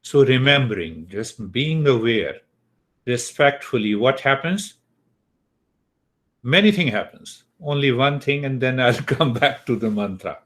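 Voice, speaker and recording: A man lecturing on spiritual wisdom, taking his time with every phrase. He repeats key words and keeps asking his listeners whether they follow. His voice sits at a middle pitch. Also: lively intonation, fairly bright tone. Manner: slow, repeating key words, asks the class questions. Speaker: teacher of Eastern wisdom. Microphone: computer mic, online class.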